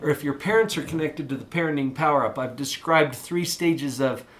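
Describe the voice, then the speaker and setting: A man's voice: fairly high pitch, fairly quick. A middle-aged man giving a motivational talk to teenagers about their parents, telling a story and acting out both sides. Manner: animated storytelling, acts out parents and kids. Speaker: parenting coach.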